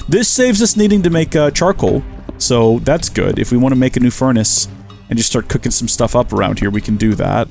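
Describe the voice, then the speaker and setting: A man's voice: mid-range voice, expressive, brisk, vocal fry, darkish tone. An American man with a chatty, jokey manner, commentating on a survival game and talking to the animals on screen, with faint game music behind. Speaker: let's player. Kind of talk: gameplay commentary.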